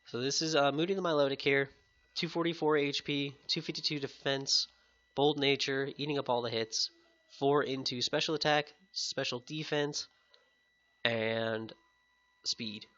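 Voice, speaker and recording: A man talking through a competitive game match in a casual, chatty way, his voice bright and a little sick-sounding. It comes through a headset mic with a dull, lo-fi sound. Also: medium pitch, fairly even intonation, measured pace. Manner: casual, upbeat, chatty with viewers. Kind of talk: casual gameplay commentary.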